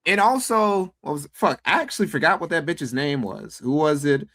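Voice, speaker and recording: A man's voice: fairly high pitch, lively intonation, normal speed, a bit bright. A man chatting on a stream in a crude, mocking, offhand way. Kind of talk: casual stream commentary.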